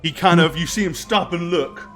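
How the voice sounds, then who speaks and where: A man's voice: fairly high pitch, moderate pace, fairly bright tone, soft background music. A man narrating a tabletop game as game master, with many fillers.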